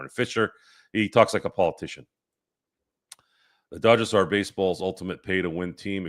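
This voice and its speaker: Deep-voiced man arguing with chat. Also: fairly bright tone. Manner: argumentative, fires back at chat comments; rambling with restarts. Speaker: sports stream host. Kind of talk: casual live-stream chat reading comments.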